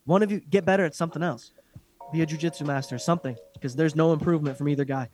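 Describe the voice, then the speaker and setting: Male podcast co-host, loud profane rants, slightly high voice. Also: racing. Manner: blunt, profane, animated ranting. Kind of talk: casual fight recap chat.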